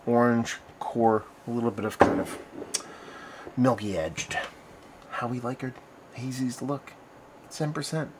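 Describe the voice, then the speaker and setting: A man's voice: medium pitch, a little slow, long pauses, noisy background. A man hosting a casual beer review video, talking in a loose, rambling way and often correcting himself mid-sentence. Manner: rambling, conversational, self-correcting.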